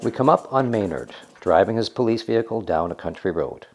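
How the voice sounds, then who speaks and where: A man narrating a scripted story in a reflective, gently wry manner. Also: lowish voice, expressive, brisk, soft background music.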